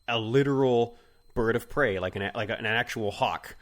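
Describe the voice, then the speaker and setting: A man co-hosting a comedic podcast, rambling and halting with many fillers and restarts. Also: mid-range voice. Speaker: podcast co-host. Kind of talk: casual comedic chat.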